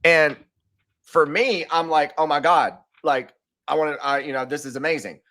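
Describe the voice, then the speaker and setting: A man chatting casually as a podcast guest, telling stories with lots of fillers, restarts and animated asides. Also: a little high, moderate pace. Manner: rambling, animated storytelling with many fillers and restarts. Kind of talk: casual chat.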